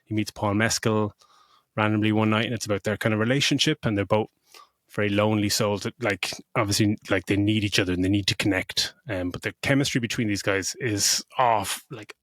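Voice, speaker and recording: A man's voice: fairly low pitch, fairly even intonation, fairly quick, a bit bright, dry recording, studio quality. A middle-aged man co-hosting a podcast, gushing about a film in casual chat, swearing freely and tripping over restarts. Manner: emotional when retelling scenes. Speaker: podcast co-host.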